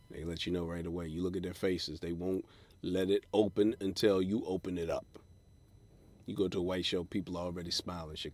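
A man, a comedian hosting a podcast and ranting profanely from a parked car, breaking into high put-on voices for quotes. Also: darkish tone, no echo. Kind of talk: casual rant.

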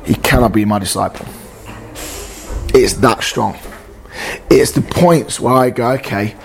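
A man preaches in an informal, conversational way, reading passages and then talking them through with earnest energy. His voice sits in a middle pitch, and he often breaks into acted back-and-forth dialogue. A faint hiss of noise sits under the recording. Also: a little mellow. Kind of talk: informal sermon.

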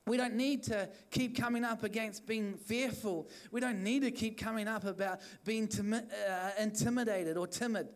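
A man's voice: high-pitched, steady tone, normal speed, few pauses. A man preaching an evening church sermon, urging the listeners on in fervent, repetitive phrases. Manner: fervent, repetitive exhortation with restarts. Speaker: pastor.

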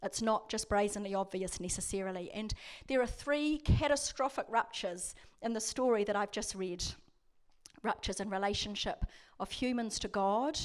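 A woman, preaching a sermon as a prison chaplain in a conversational, storytelling way. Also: mid-range voice. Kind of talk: sermon with scripture reading.

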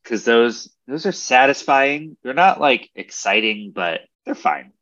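A man's voice: mid-range voice, lively intonation, unhurried, a bit bright, dull audio. A man in casual chat, speaking in an easygoing way as he reviews snacks. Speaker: podcast co-host.

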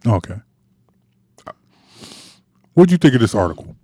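A man co-hosting a casual sports talk show, chiming in with quick agreements and punchy remarks. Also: mid-range voice, very animated, warm tone, husky, no room sound, clean studio sound. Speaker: podcast co-host.

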